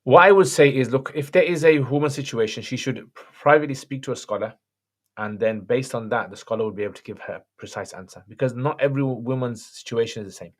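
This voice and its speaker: A man hosting a livestream and answering viewer questions in a relaxed, chatty way. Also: medium pitch, fast. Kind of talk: casual chat.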